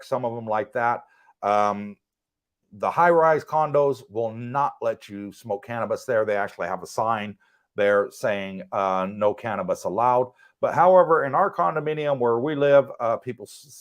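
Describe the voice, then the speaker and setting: A middle-aged man with an English accent, hosting a casual livestream and reading out viewer comments in a chatty, teasing way. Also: mid-range voice. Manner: chatty, teasing, laughs often.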